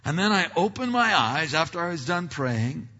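A man preaching, a pastor telling a story in a self-deprecating, animated way with many restarts, recorded in a church sanctuary. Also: fairly high pitch, normal speed. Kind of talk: sermon storytelling. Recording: dull hall reverb, lo-fi.

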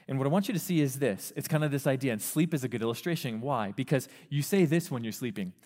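A man preaching a sermon to a youth group, animated, acting out the voices of parents and teens. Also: medium pitch, fast talker. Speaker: youth pastor. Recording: long reverb of a hall.

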